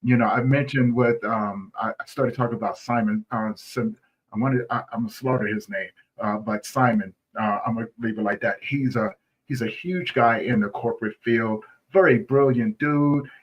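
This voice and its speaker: A man's voice: mid-range voice, moderate pace, husky, muffled recording. A man speaking as a guest in a conversational interview, earnest, often asking "right?" and restarting his phrases.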